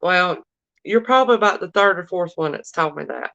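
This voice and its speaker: A woman's voice: fairly low pitch, animated, brisk, vocal fry, fairly bright tone, lo-fi sound. A woman with a Southern drawl, chatting casually as she runs a live-stream auction and talks straight to her viewers. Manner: chatty, addresses viewers as y'all and darling.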